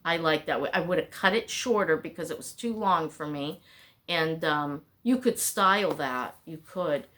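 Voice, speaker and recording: A woman's voice: deep voice, normal speed, a bit bright. A middle-aged woman talking to her camera at home, rambling and chatty. She wanders from thought to thought and interrupts herself as she goes. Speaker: vlogger. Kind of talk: casual talking-head chat.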